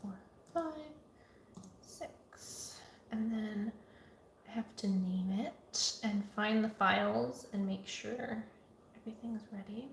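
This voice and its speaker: A woman artist talking casually and chattily through her computer work, at times dropping to a soft murmur. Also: mid-range voice, slow, vocal fry, pauses often, roomy sound, slight background noise. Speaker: artist vlogger. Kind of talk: casual vlog talk. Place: home art studio.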